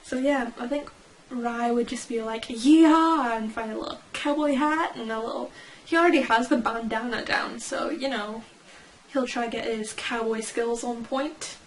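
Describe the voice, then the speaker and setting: A woman's voice: fairly high pitch, fairly even intonation, normal speed, poor audio. Young female vlogger, talkative and self-correcting, recorded at home with a camera mic. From United Kingdom. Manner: chatty, rambling, self-correcting. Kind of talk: casual fan reaction vlog. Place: at home, indoors.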